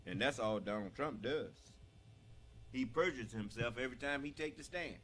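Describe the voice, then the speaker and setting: A man preaches with loud fervor, his mid-range voice climbing into shouts as he presses his points. He stops to clear his throat here and there. A faint hiss of noise runs under the recording. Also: medium pitch, expressive, normal speed. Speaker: religious leader. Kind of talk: preaching broadcast.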